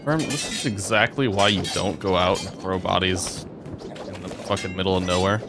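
A young man giving gameplay commentary, swearing often and breaking into excitable outbursts. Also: low voice, moderate pace, music in the background. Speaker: let's play host.

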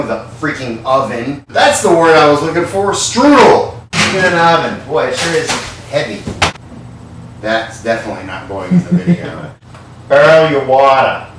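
A man's voice: mid-range voice, animated, moderate pace, a bit bright. A man rambles and curses his way through a comic home cooking show, tipsy and loose. He sounds set back from the mic, with a strong echo off the hard kitchen walls and a faint hiss underneath. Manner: rambling, profane, tipsy banter while cooking. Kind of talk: comedic cooking vlog. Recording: very echoey kitchen, far from mic.

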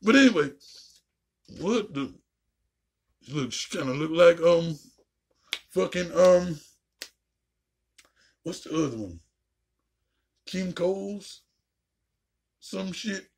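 A woman ranting casually and profanely while reacting to a show, with a raspy, gravelly voice. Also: on the low side, expressive, slow pace, long pauses. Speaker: video reactor.

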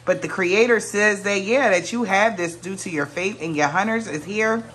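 A woman's voice: medium pitch, normal speed, fairly bright tone, a little hiss or hum. A woman giving a casual tarot reading to her viewers, musing aloud, often exclaiming and trailing off mid-sentence. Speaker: tarot reader.

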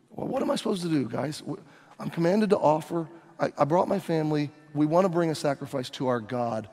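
Pastor dramatizing a story in a hall. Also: male voice, on the high side, expressive, a little fast, dark tone. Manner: dramatic storytelling, acting out scenes. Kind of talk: sermon.

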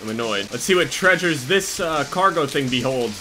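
A young man commentating a horror survival game, panicky and swearing, yelling at the game as he plays. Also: a little high, moderate pace. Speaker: gameplay streamer. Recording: loud game music behind the voice.

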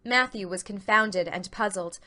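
A woman narrating a dramatic audiobook reading with clear, expressive storytelling. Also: medium pitch, a little slow.

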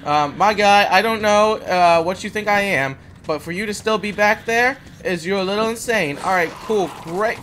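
A man's voice: high-pitched, moderate pace, hardly any pauses, fairly bright tone, slight background noise. A young man giving let's play commentary, jumpy and sarcastic, yelping when startled. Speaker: gamer.

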